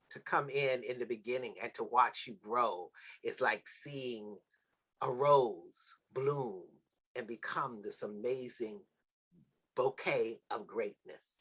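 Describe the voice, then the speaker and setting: A male talk show host closes the evening with flowing, sermon-like thanks. He blesses and praises each guest in turn, his voice at a middle pitch. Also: fairly bright tone, husky, poor audio. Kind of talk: heartfelt closing thanks on a livestream.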